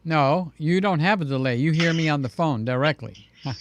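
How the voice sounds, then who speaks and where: Chatty high-voiced man hosting live. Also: moderate pace, slight background noise. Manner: chatty, jokey, acts out voices in stories. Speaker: livestream host. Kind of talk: casual live-stream chat.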